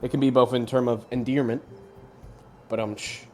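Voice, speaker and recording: Measured man explaining at length. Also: mid-range voice, flat delivery, mellow, slight background noise. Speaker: player. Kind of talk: casual tabletop chat.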